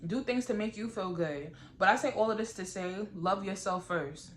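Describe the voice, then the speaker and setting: A woman, chatting to camera in a blunt, profane, animated way and often asking "you get what I'm saying?". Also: mid-range voice. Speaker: vlogger. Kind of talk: casual chat to camera.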